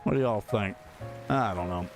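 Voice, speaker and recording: A man's voice: on the low side, normal speed, soft background music. A man streaming a game, chatting casually and joking with his viewers and an AI assistant. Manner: chatty, joking, talks to chat and an AI while playing. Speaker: gaming streamer. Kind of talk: casual livestream chat.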